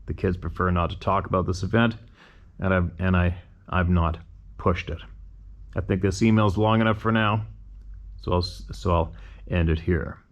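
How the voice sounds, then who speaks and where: A man's voice: low-pitched, fairly even intonation, normal speed, pauses often, dull audio. A man hosting a show, reading listener emails aloud and breaking off to muse on them in a conversational way with rhetorical questions.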